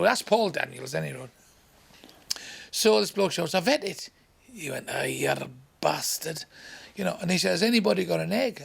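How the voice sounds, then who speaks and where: A man from England doing crude, swearing stand-up storytelling, acting out voices and sounds along the way. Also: high voice. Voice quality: gravelly. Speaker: stand-up comedian.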